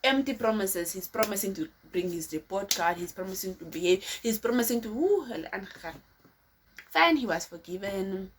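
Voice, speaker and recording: A woman's voice: medium pitch, lively intonation, moderate pace, a little hiss or hum. A woman vlogger telling a story to her viewers in a chatty, casual way, often addressing them as guys.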